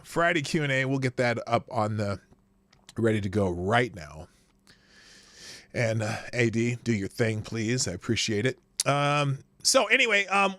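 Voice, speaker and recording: A man's voice: medium pitch, a bit bright, no room sound. A man hosting a casual live show, rambling and chuckling, with lots of fillers and restarts. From upper Midwest of the United States. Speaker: host.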